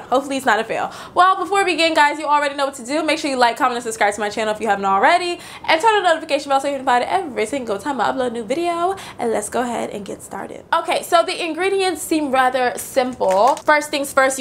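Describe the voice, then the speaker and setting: Chatty, excitable young woman vlogging. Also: sits high, a little hiss or hum. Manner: chatty, excitable, self-narrating. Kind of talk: casual kitchen vlog. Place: home kitchen.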